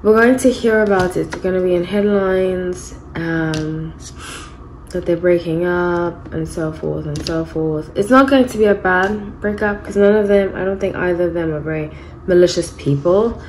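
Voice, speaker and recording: At normal speed and with a fairly low, darkish voice, a woman in her thirties rambles chattily through a casual tarot reading, correcting herself as she goes. The recording is low quality, with faint hiss or hum.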